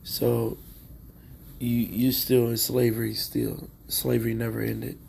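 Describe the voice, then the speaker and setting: A man's voice: medium pitch, completely flat delivery, slow pace, vocal fry, heavy background noise. A man giving preachy religious commentary, reading scripture aloud and checking in with listeners again and again. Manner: preachy, keeps asking "all right?".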